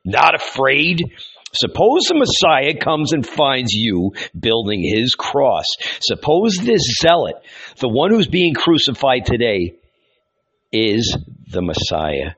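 A man's voice: mid-range voice, very animated, slow, fairly bright tone, husky, heavily acted. A man reading aloud, voicing a fierce red-bearded zealot who bellows and scorns. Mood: raging scorn.

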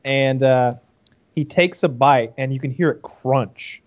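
A podcast co-host telling a funny story in casual chat, laughing often and putting on shrill quoted voices. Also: measured pace. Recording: dull lo-fi sound.

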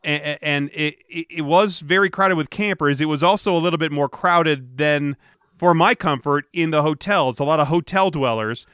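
Podcast host, middle-aged man, fairly high voice, smooth, close dry mic, rambling chat. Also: normal speed, a bit bright, no room sound. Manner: rambling, with frequent restarts. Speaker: podcast host and traffic reporter.

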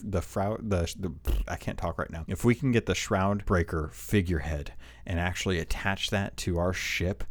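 Excitable rambling man, lowish voice. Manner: rambling and excitable, with many restarts and fillers. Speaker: game lore video host. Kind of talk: excited casual commentary.

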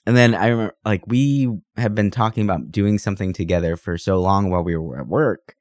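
A man's voice: on the low side, brisk, darkish tone, no room sound, studio quality. A man co-hosting a podcast in casual chat, sick this week, talking in a rambling, enthusiastic way with lots of fillers. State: sick, under the weather. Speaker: podcast co-host. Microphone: podcast microphone.

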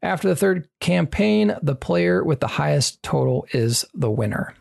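Brief: gravelly-voiced player who walks through game rules step by step, um-ing along the way. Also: mid-range voice, expressive, measured pace, a little mellow. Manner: explains step by step with frequent fillers. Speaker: rules explainer. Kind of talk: casual rules explanation.

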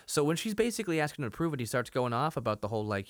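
Lively podcast man, dry close sound. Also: mid-range voice, very fast, no room sound. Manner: animated retelling, laughs often, quotes characters. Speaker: podcast co-host. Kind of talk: casual chat recapping a TV episode.

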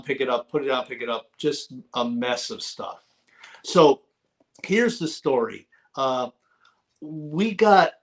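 A middle-aged man telling stories as a guest in an interview, repeating words for emphasis. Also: mid-range voice. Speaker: guest author. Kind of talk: casual interview talk.

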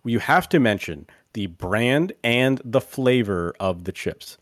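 A man's voice: mid-range voice, expressive, slow pace, no echo, clean studio sound. A man hosting a casual podcast chat, steering the segment and calling on his co-hosts by name. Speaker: podcast host.

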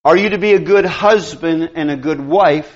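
A middle-aged man preaching a sermon, animated and conversational, acting out dialogue with quick asides. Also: on the high side, lo-fi sound.

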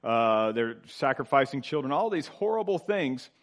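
A middle-aged man preaching a sermon. His delivery swells louder and then drops low and quiet. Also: big pitch swings, moderate pace. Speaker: pastor.

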